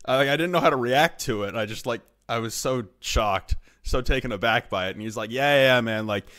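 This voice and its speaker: A man's voice: medium pitch, brisk. A young Canadian man, an esports broadcaster, telling a story in casual chat and swearing a lot. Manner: swears a lot, animated retelling.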